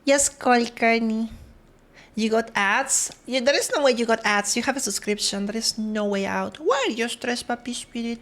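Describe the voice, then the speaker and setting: A woman's voice: a little high, moderate pace. Chatty woman streamer. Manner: chatty, greets viewers one by one, switches between English and Spanish. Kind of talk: casual chat with viewers.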